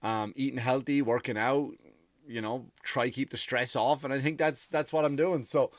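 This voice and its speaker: A man's voice: medium pitch, normal speed, a bit bright, dry recording. A man in his forties delivering a rambling, profane comic monologue as a podcast host.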